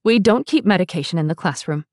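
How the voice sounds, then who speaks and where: A woman voicing a curt, dismissive female kindergarten teacher in a flat, brusque manner, inside an audiobook reading. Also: on the low side, fast, no room sound, studio quality, close to an everyday voice.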